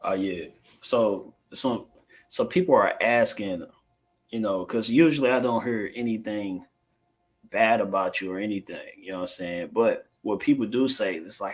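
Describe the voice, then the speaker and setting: Laid-back low-voiced male host. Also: normal speed. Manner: laid-back, hesitant, many fillers and restarts. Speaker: interview host. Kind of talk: casual interview chat.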